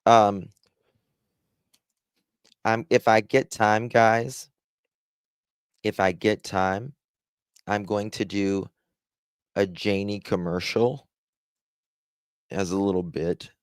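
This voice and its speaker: A man's voice: lowish voice, steady tone, slow, long pauses, clean tone, dry recording, clean studio sound. A man with a Southern accent hosting a casual live stream, rambling as he reads the chat aloud and thanks viewers. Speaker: livestream host.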